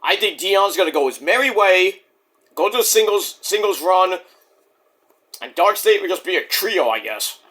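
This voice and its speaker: A man reviewing a wrestling show in a casual solo vlog, excitable and profane, acting out quotes in silly voices. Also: sits high, normal speed.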